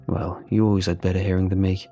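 A man doing a steady, protective husband. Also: low-pitched, creaky, soft background music. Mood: thoughtful. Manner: slow, measured.

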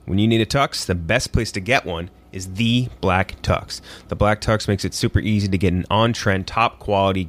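A man hosting a casual podcast, chatting with friends and reading an ad in a relaxed, steady way. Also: lowish voice. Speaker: podcast host. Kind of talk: casual group chat and read ad.

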